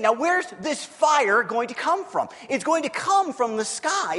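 High-voiced animated preacher in a big hall. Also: male voice. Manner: animated, jokey storytelling with acted-out quotes. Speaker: pastor. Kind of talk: sermon. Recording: long hall reverb.

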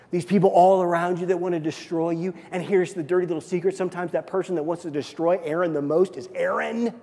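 Male pastor with a high voice, preaching with dynamic hushed-to-emphatic swings; hall reverb. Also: lively intonation, normal speed, vocal fry. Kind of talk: sermon.

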